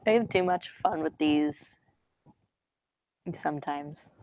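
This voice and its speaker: A woman's voice: low voice, extremely slow, long pauses, dark tone, a little hiss or hum, rough recording. A teenage girl chatting casually on a stream, giggling often and rambling. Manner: giggly, rambling, slips into silly voices. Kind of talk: casual chat.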